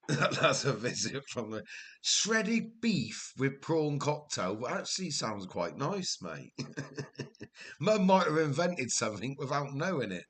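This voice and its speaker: A man's voice: fairly high pitch, a bit bright, slightly rough. Welsh male streamer, leisurely delivery, casual chatty host who laughs a lot. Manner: chatty, laughs often, tells rambling family anecdotes. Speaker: livestream host. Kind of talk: casual livestream chat.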